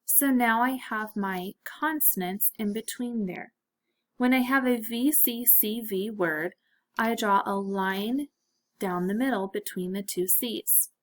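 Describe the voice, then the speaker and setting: A woman teaching a phonics lesson to children, speaking clearly and encouragingly. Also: mid-range voice.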